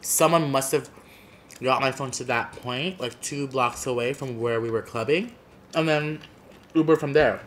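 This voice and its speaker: A man's voice: mid-range voice, moderate pace, a little hiss or hum. A man telling a story in a casual chat over a meal, dramatic and repeating phrases for effect. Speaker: guest.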